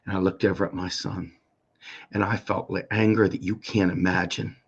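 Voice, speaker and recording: A man's voice: little pitch movement, moderate pace, slightly rough. Angry middle-aged man, muffled recording. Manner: angry, profane, pleading questions, swings between raised and low voice. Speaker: political activist commentator. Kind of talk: impassioned monologue rant.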